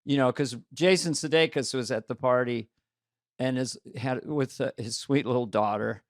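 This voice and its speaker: A man's voice: medium pitch, moderate pace, dry recording, studio quality. An older man co-hosting a comedy podcast, chatting casually and playfully, laughing often at his own jokes. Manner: playful, laughing, self-deprecating. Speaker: podcast co-host.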